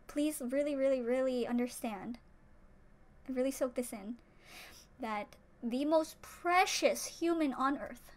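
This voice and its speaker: A young woman vlogger giving an impassioned, earnest fan rant to the camera, close to tears at times. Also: high voice. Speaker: YouTube reaction vlogger.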